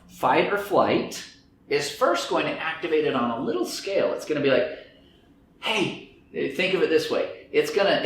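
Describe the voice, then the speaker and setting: With a voice that's a little high and a bit bright, a man lectures a group about stress and anxiety, acting out inner voices in quoted speech. The recording has strong echo and faint background noise.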